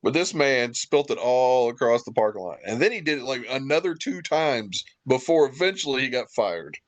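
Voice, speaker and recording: A man's voice: mid-range voice, big pitch swings, normal speed, no echo, highs cut off. A man from Indiana, a podcast guest, telling rambling, profane anecdotes with wry asides in casual chat.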